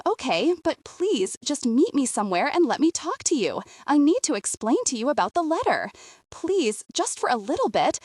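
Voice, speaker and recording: A woman's voice: high-pitched, no room sound, clean studio sound. A woman doing a pleading woman of sixty. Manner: pleading, anxious. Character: desperate 60-year-old former beauty queen.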